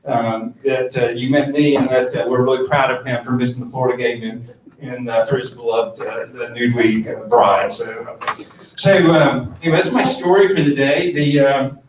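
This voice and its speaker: A man's voice: mid-range voice, fairly even intonation, moderate pace. A middle-aged man giving a conference talk, telling a humorous personal story in a folksy, rambling way with many fillers and restarts. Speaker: conference speaker. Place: large conference room. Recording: echoey hall, distant mic, dull sound.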